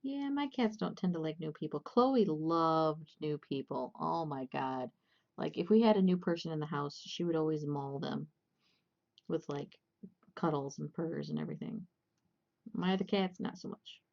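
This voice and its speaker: A woman's voice: low voice, big pitch swings, moderate pace, gravelly, a little mellow, highs cut off. A young woman casually chatting and rambling with lots of fillers and restarts while hosting a crochet livestream.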